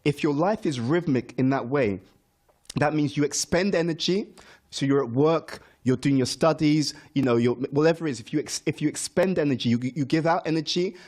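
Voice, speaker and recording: A man's voice: fairly high pitch, darkish tone. A middle-aged man giving a morning class lecture as a spiritual teacher, earnest, repeating key words and putting questions to his audience.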